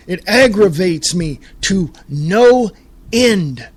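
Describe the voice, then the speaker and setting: A man's voice: high-pitched, creaky, breathy edge. A middle-aged man from the United States hosting a talk radio show, reading quotes aloud and ranting with profanity. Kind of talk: angry political commentary.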